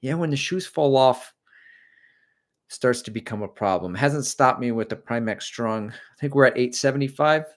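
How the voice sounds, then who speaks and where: A man's voice: mid-range voice, moderate pace. A middle-aged man hosting a casual livestream, chatting and rambling as he answers viewer comments about running. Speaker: livestream host and running coach. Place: home.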